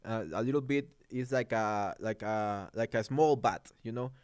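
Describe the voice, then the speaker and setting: A man's voice: lowish voice, a little mellow, clean tone, no room sound, clean studio sound. Man chatting on a livestream. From Mexico. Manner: rambling, halting English with many restarts and fillers. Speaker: livestream host. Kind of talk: casual livestream chat, reading comments.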